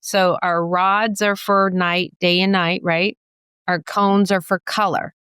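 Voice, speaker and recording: A woman with a low, smooth, resonant voice explains eye health like a teacher who enjoys a joke. Her talk is playful and explanatory, with quick asides and puns. The sound is dry and close. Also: little pitch movement, a bit bright, no echo. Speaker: optometrist and professor giving a guest lecture.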